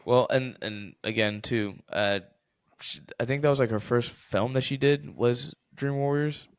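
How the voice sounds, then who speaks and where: A man's voice: mid-range voice, unhurried, clear, resonant tone, dry recording, studio quality. A man co-hosting a horror podcast, chatting casually, often restarting and rambling. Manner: hesitant, rambling. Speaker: podcast co-host. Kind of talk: casual chat.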